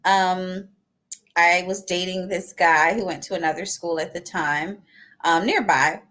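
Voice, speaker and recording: A woman's voice: on the low side, steady tone, measured pace, a bit bright. A young adult woman on a live panel, telling a story with laughs and acting out the lines she quotes.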